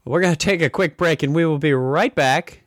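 A man's voice: a little high, a little fast, no echo, studio quality. A man hosting a podcast in casual chat, joking and ranting. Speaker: podcast host.

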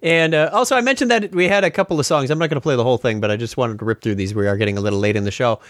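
A man's voice: medium pitch, racing, a bit bright, no echo, studio quality. A man hosting a casual tech podcast, chatty and laughing as he retells funny stories. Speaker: podcast host.

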